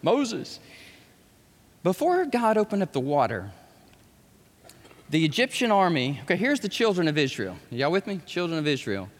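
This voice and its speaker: A man preaching a sermon as pastor, animated and acting out scripture characters. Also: high-pitched, normal speed, pauses often. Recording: echoey hall, voice at times far from the mic.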